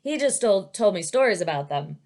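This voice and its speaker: A woman voicing a brave, kind young girl who speaks warmly and reassuringly. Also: medium pitch, sing-song, moderate pace. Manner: warm, reassuring.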